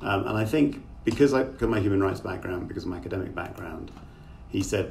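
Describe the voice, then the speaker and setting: A very deep, gravelly-voiced middle-aged man talks his way through long, rambling answers, full of ums and restarts. He sits back from his call microphone, and a faint hiss runs under his voice. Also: fast talker, darkish tone. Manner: thoughtful, rambling, with many fillers. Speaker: author and guest. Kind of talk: conversational interview over a video call. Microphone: remote call microphone. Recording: distant mic with faint noise.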